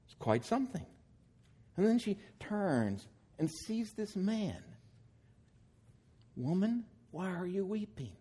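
A man's voice: sits high, big pitch swings, takes it slowly, pauses often, mellow, breathy edge. A man preaching a sermon, reading scripture aloud and then explaining it with growing emphasis.

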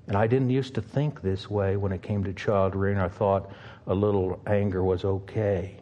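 An older man, a pastor, preaching an earnest sermon with long pauses and a pleading tone. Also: fairly low pitch, dark tone, breathy edge, lo-fi sound.

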